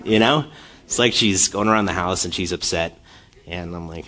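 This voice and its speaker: A man's voice: low voice, moderate pace, long pauses, sharp tone. A man in his thirties preaching a sermon, telling self-deprecating stories with frequent laughs and building to impassioned intensity. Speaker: pastor.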